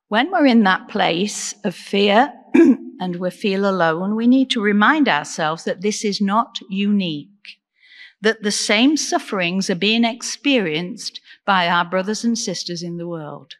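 A woman preaches a sermon at an unhurried pace, earnest and measured, often turning to questions for her listeners. Her voice carries a long reverb from the church around her. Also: mid-range voice, animated. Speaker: deacon preaching.

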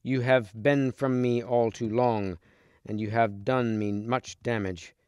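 A man reading as a noble king, speaking slow, measured and resolute, in a smooth, clear, lowish voice. The storybook delivery sits close and dry on the mic. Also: fairly even intonation, a little mellow, no echo, close to an everyday voice. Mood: solemn. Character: noble wounded male king, solemn and resolute.

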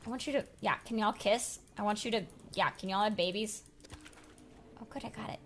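A young woman hosting a casual let's play, excitable and talking to game creatures as she plays. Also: mid-range voice, fairly quick, a little hiss or hum. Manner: excitable, talks to game creatures, jumps from whispers to yelps. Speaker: gaming channel host.

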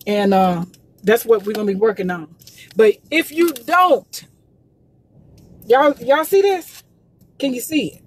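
A woman's voice: high voice, husky. A woman promoting gospel music in a casual livestream, urging listeners with emphatic, repetitive preachy calls.

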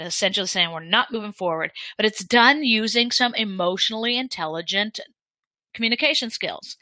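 A middle-aged woman presents a communication training talk in a bright, pressing voice. She acts out quoted lines of dialogue with lively energy, and the close mic sounds dry, with no room around her. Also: medium pitch, dry recording, low-quality recording. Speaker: workshop presenter.

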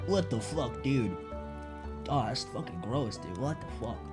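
A man's voice: mid-range voice, animated, measured pace. A man streaming a game, chatting casually in a rambling, stammering, profane way. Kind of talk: casual live-stream chat. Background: game music.

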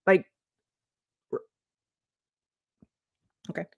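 A woman's voice: drawn-out words, darkish tone, no echo, muffled recording. A woman from the Virgin Islands, a life coach, giving emphatic advice straight to camera in a chatty vlog, repeating her key points.

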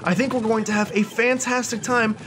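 A man's voice: very high voice, level tone, brisk, noisy background. A man hosting a let's play, giving casual gameplay commentary in a chatty, jokey, rambling way.

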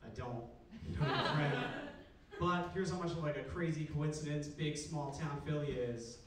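A young man from Philadelphia doing a stand-up set, deadpan and halting with fillers, heard from a club stage with a handheld mic. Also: on the high side, distant mic. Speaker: stand-up comedian. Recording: echoey club recorded from afar, loud noise. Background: audience laughter.

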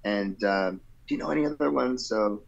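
A man's voice: lowish voice, moderate pace, gravelly, lo-fi sound. A male rock singer telling a long, rambling story in a casual interview, playfully acting out other people's lines. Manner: animated, playful, acts out quotes with shifting voice; laid-back, rambling with fillers and "you know". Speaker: rock vocalist guest.

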